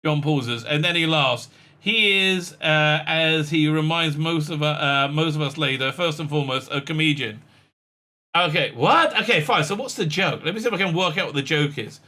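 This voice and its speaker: A man's voice: a little high, normal speed, sharp tone. A man giving sarcastic commentary, reading quotes aloud with lots of fillers and laughs. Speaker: commentary vlogger.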